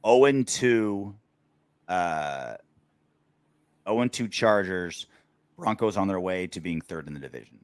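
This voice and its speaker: Lively joking man hosting a podcast. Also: lowish voice, unhurried, a faint crowd, slight background noise. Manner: joking, crude banter. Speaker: podcast host. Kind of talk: casual sports podcast chat.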